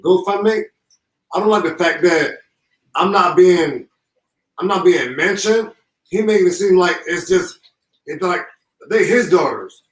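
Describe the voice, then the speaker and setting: Grieving man on an echoey far-off line. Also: high-pitched. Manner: halting, repeats himself, impassioned. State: holding back tears. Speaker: grieving father, guest. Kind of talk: emotional live call-in.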